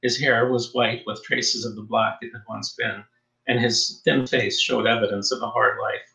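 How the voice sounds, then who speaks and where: A man's voice: mid-range voice, flat delivery, moderate pace, gravelly, sharp tone. Man narrating, roomy echo. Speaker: audiobook narrator. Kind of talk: scripted narration.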